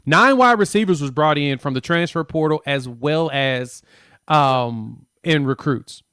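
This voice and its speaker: Brief: male co-host, slightly high voice, dry close sound, loose talk-show delivery, self-correcting. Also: a little slow, a bit bright, clear, resonant tone, no room sound. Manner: thinks aloud, self-correcting. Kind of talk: casual sports chat.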